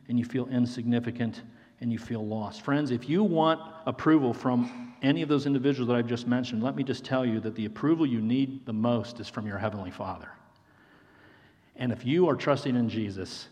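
Male preacher, mid-pitched, earnest sermon delivery with repeated phrases, long hall reverb. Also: normal speed, a little mellow. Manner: earnest, repeats phrases for emphasis, addresses listeners as friends. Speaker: pastor.

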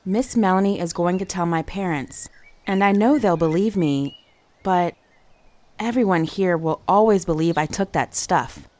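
A woman reading a children's mystery story aloud, giving each character an expressive voice. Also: fairly low pitch, normal speed. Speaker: audiobook narrator. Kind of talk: storybook narration.

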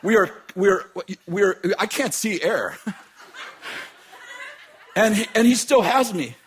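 A man preaching and telling a dramatic personal story, laughing often and shouting at the peaks. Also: high-pitched, a little slow, slight background noise. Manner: animated, laughing, shouting at climaxes. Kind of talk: sermon storytelling.

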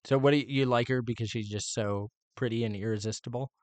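Playful dad, dry close sound. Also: male voice, medium pitch, quick pace, dry recording. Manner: animated, playful, teasing. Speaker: podcast co-host, father. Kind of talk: casual chat.

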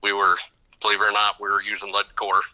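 A middle-aged man talking casually as a fishing guide on an interview show. He rambles through his stories with lots of false starts and restarts. His voice sits on the low side but has a sharp, very bright edge to it. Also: completely flat delivery, fast talker, low-quality recording. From upper Midwest of the United States. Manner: rambling storyteller with many restarts. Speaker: fishing guide and podcast guest.

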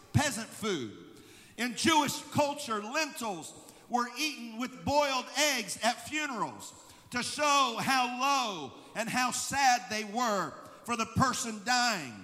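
High-voiced preaching pastor, man. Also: long reverb tail. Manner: preaching, building to shouted emphasis. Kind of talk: sermon. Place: church sanctuary.

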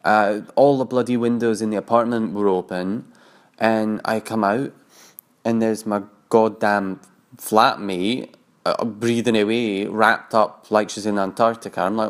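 Low-voiced man ranting in an audio diary. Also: steady tone, a little slow. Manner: candid, profane, rambling storytelling. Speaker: audio diarist. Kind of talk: private audio diary monologue. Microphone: solo recording to a mic.

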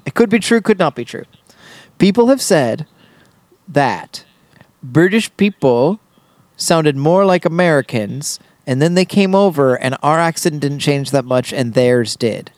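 A man's voice: a little high, animated, unhurried, a little mellow, no echo. A man co-hosting a podcast, rambling and hedging in casual chat. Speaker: podcast co-host.

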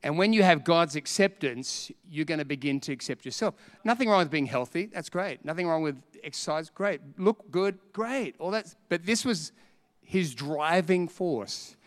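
A man preaching a sermon, telling a story with animated acted-out voices and frequent laughter. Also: fairly high pitch, moderate pace. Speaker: pastor.

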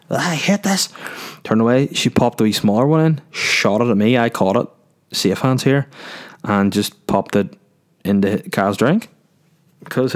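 A young man hosting a podcast, telling crude stories in a rambling, joking way. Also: fairly low pitch. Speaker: podcast host. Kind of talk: casual storytelling.

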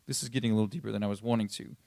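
A man's voice: lowish voice, fairly even intonation, racing, vocal fry, mellow, no echo, studio quality. A man preaching a sermon in a loose, conversational way, often checking in with the listeners. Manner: conversational, keeps asking "you see what I'm saying?". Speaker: pastor.

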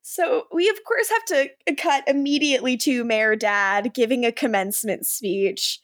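Podcast co-host, woman, high pitch, dry close sound, animated casual recapper. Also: unhurried, dry recording. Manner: animated, quotes characters in lively voices. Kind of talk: casual chat recapping a TV episode.

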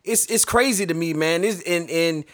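A man's voice: on the high side, moderate pace. A man co-hosting a sports podcast, scolding indignantly and repeating himself, with features. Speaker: podcast co-host. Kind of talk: sports talk rant.

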